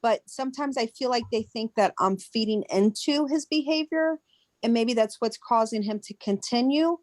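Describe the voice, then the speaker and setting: A woman's voice: on the high side, moderate pace, no echo. A woman child care teacher asking a question on a webinar, hesitant and searching for words. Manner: hesitant, searching, with many restarts.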